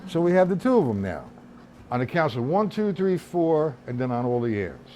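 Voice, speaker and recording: A man's voice: fairly high pitch, sing-song, moderate pace, loud music behind the voice. A man teaching a drum lesson on a live stream, explaining accents and counting the beats aloud. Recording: loud drums behind the voice. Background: drum kit playing.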